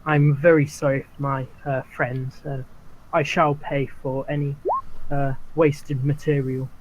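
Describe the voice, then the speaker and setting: A man's voice: mid-range voice, level tone, a little slow, muffled recording, noisy background, lightly acted. A man voicing a polite, formal male halfling adventurer who speaks courteously.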